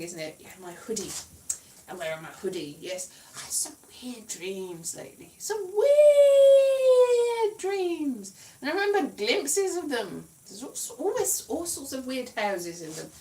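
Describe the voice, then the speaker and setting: Rambling, self-mocking woman with a lively voice. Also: medium pitch, roomy sound, far from the mic. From Wales. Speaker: comedian. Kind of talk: casual livestream chat.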